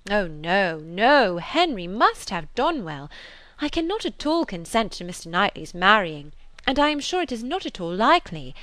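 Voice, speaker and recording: A woman's voice: mid-range voice, sing-song, normal speed, fairly bright tone, no echo. A woman reading as a headstrong young woman. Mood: indignant. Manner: emphatic, exclaiming. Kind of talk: audiobook character reading.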